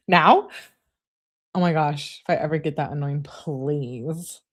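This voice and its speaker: Woman host on a live reading stream, chatty and animated between quotes. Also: sits low, slow. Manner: chatty, animated asides and laughs. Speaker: channel host.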